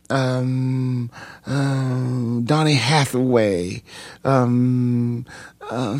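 A man who is a pastor, telling his story in a radio interview, pausing often to search for words and breaking into high, excited bursts as he relives it. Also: dry recording. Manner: halting, searching for words with frequent ums.

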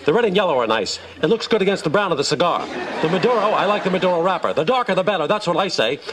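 A man's voice: high voice, animated, very fast, a crowd in the background, background noise, voice pushed up. A man voicing a big, blustery older male baseball team owner in a sitcom, bossy and rambling off topic. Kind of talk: sitcom acting. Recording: TV clip with clicks in the background.

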